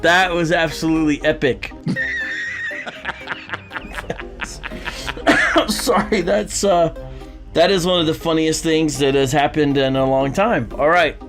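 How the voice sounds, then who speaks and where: A man hosting a live online show in a loose, chatty way. He reads out viewers' messages, hesitates with fillers and chuckles often. Faint music sits behind his slightly high voice. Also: steady tone, normal speed. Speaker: livestream show host. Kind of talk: casual live-show chat.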